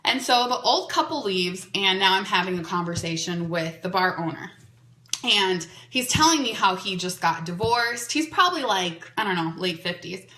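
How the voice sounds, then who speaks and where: A woman's voice: mid-range voice, normal speed. A woman hosting a podcast, telling a dating story in a chatty way, full of "like"s. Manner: chatty, animated, many "like"s. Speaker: podcast host. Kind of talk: casual storytelling. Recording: echoey room.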